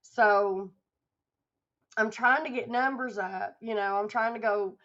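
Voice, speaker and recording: In dull, lo-fi stream audio, a tired woman hosts a casual livestream, affectionately rambling with viewers and laughing often while her voice starts to go. She speaks slowly in a steady, mid-range, slightly bright voice.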